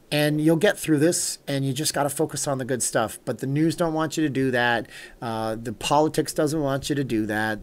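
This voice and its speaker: A man's voice: mid-range voice, fairly bright tone. A middle-aged man hosting a casual livestream, chatting loosely, answering viewer comments, thanking supporters by name and drifting into an earnest pep talk. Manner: rambling, chatty, reads out viewer names and answers chat. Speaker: livestream host.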